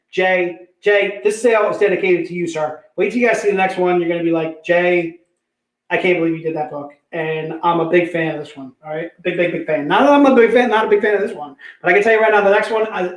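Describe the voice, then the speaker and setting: A man hosting a live comic book sale, pitching deals in energetic, repetitive, joking hype talk. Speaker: host selling comic books. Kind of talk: live online sales pitch. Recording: echoey room.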